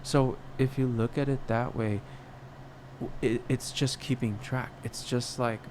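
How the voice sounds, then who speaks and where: This young podcast host delivers a solo, personal reflection, rambling and questioning himself with frequent fillers and restarts. His mid-range voice is fairly even in intonation and a little slow, set against a noisy background.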